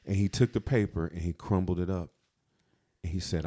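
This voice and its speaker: A man's voice: deep voice, normal speed, warm tone. A man co-hosting a podcast, telling an emotional, confessional story from his past in casual talk. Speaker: podcast co-host.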